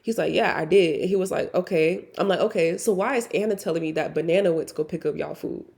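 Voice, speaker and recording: A woman's voice: fairly low pitch, quick pace, creaky, a little mellow. A young woman hosting a podcast, telling a personal story in casual, candid talk full of fillers and swearing. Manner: candid, profane, conversational with many "like" fillers. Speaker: podcast host.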